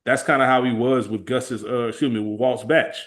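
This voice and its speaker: A man co-hosting a podcast in casual, slangy chat, with a laid-back, lively way of retelling scenes. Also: medium pitch, fairly quick. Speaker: podcast co-host.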